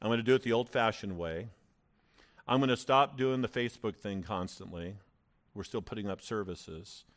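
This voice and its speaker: A male pastor preaching a sermon in a church, telling personal stories in an animated way with stammering restarts. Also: fairly low pitch, moderate pace.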